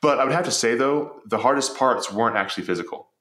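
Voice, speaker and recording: A man's voice: mid-range voice, quick pace, fairly bright tone, roomy sound. A man telling stories as a podcast guest, earnest and reflective, often repeating words as he starts a thought. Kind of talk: storytelling in conversation.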